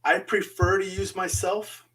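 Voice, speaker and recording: A man with a somewhat high voice talks as a guest in a casual chat, telling his stories in a loose, relaxed way. He breaks in often with quick words of agreement.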